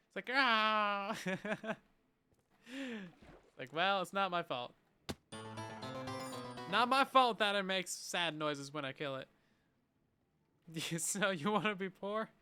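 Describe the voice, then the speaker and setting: An animated young man talks over a game stream in a bright, clear, high voice that rises and falls a lot. He answers viewer messages playfully and chattily from a home streaming setup. Light music plays softly behind him. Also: takes it slowly, pauses often. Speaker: livestreamer. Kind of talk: casual livestream chat reading viewer messages.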